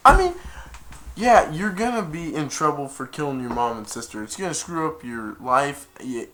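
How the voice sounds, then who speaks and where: A man's voice: mid-range voice, a bit bright. A man chiming in on a news story, rambling with fillers and restarts. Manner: rambling, hesitant. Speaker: co-commentator. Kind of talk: reaction commentary.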